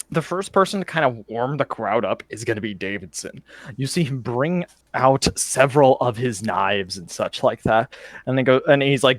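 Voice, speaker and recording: A man's voice: mid-range voice, no echo. A man narrating a tabletop game as game master over voice chat, talking casually and meanderingly with many fillers.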